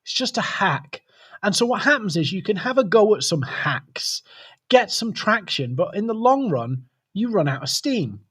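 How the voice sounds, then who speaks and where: A man's voice: sits high, big pitch swings, moderate pace, fairly bright tone, husky. A man hosting a live webcast, chatting casually and greeting viewers by name. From United Kingdom. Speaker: webcast host.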